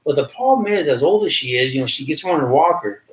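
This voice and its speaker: A man's voice: expressive, fast talker. A man in his thirties telling a story in casual podcast chat, acting out the quoted voices as he goes. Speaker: podcast co-host. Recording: roomy, dull low-fi sound.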